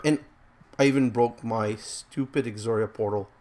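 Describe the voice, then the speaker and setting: A man's voice: medium pitch, expressive, moderate pace, a little mellow. A man giving rambling, self-mocking let's play commentary as he plays a game, groaning about his own mistakes.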